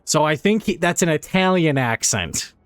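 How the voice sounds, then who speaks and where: A man's voice: a little high, lively intonation, moderate pace, clean tone, faint music behind. A man giving casual, rambling let's play commentary, laughing and swearing as he goes. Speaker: streamer.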